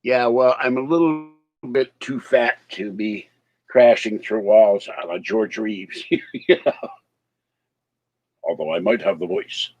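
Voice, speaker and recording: A man runs a casual livestream in a lowish, darkish voice, speaking slowly with long pauses. He rambles and tosses chuckling asides to chat, a slight slur from missing teeth, all in lo-fi sound.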